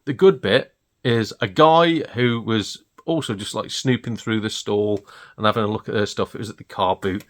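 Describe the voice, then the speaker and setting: A British man vlogging about retro game pickups, gleeful and excitable and laughing often. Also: fairly low pitch, moderate pace. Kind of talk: casual chat showing off purchases.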